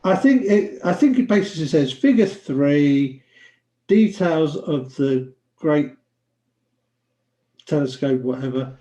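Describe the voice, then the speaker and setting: A man's voice: a little high, lively intonation, slow pace, pauses often, mellow, roomy sound. A man casually explaining diagrams to friends and tripping over French terms. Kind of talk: casual group chat over a shared screen.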